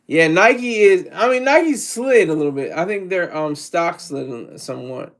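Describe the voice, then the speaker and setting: Guy from delaware rambling on about stuff, kinda high voice, cracks jokes and trips over his words. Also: expressive, moderate pace. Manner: rambling, jokey, self-interrupting. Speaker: vlogger. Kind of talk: casual solo commentary.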